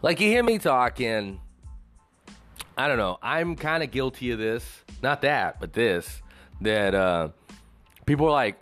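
Hosting his own show solo, a man launches into a loose, rambling rant, swearing freely and drifting off topic in casual commentary. His pitch jumps around a lot while his pace stays measured, he sounds animated and profane, and faint music plays behind him.

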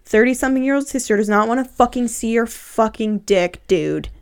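A woman's voice: a little high, brisk, clear, resonant tone. A young woman co-hosting a podcast, a little tipsy, reacting bluntly with lots of swearing. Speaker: podcast co-host. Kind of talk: casual podcast chat.

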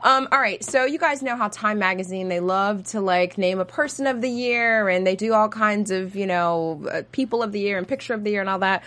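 A woman's voice: medium pitch, brisk, hardly any pauses, a bit bright. A woman hosting a fashion chat show, upbeat and talkative, reading out items between banter. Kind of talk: casual hosted chat.

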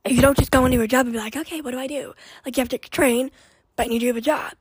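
High-voiced young woman chatting on her podcast. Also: fairly even intonation, very fast, slightly rough, no echo. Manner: rambling, chatty, with many fillers and restarts. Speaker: podcast host. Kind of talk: casual chat.

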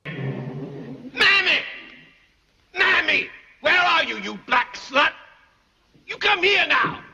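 An actor playing a cruel, insulting slave master of sixty in a film, harsh and commanding. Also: male voice, very high voice, sing-song, drawn-out words, creaky, bright, forceful tone, big-room sound, exaggerated voice. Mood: contemptuous.

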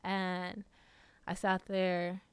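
A woman's voice: on the low side, monotone, extremely slow, smooth, dry recording. A woman telling personal stories in a casual, rambling way, full of fillers and restarts. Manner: rambling, many fillers and restarts, laughs often. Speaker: podcast guest.

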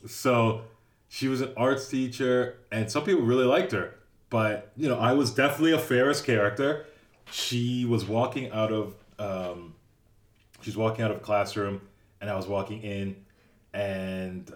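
A man with a lowish voice, speaking at normal speed in an echoey room, co-hosts a podcast's casual chat about a film. He's an animated storyteller who tells stories and acts out quotes.

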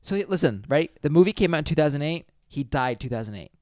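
A man telling stories in casual chat, animated, cursing often and acting out quotes. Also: on the high side, quick pace, dry recording, clean studio sound. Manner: animated storyteller, swearing, laughing, acts out quotes.

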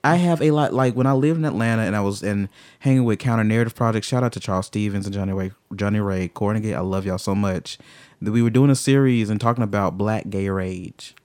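Emphatic, deep-ish man, swears freely, dry sound, candid podcast talk. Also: quick pace, clean tone, dry recording. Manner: emphatic, swings from low and brooding to loud and fired up. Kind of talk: candid conversation.

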